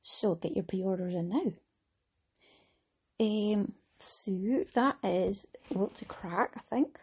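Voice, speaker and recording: A woman's voice: medium pitch, slow pace, darkish tone, slight background noise. A middle-aged Scottish woman hosting a knitting podcast, talking in a chatty, rambling way with frequent laughs. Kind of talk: casual chat.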